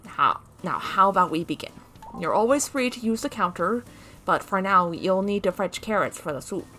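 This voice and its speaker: A woman's voice: medium pitch, animated, normal speed, pushed and bright, slight background noise. A woman voicing a fluffy male creature sous chef in a video game, who speaks of himself in the third person. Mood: eager, reassuring.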